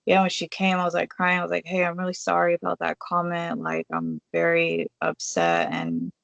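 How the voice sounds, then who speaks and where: A woman's voice: lowish voice, moderate pace, gravelly, fairly bright tone, no echo. A woman telling a personal story in a casual, chatty way, full of fillers and acting out what she said to others. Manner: chatty, filler-heavy, acts out her own quoted lines. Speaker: vlogger.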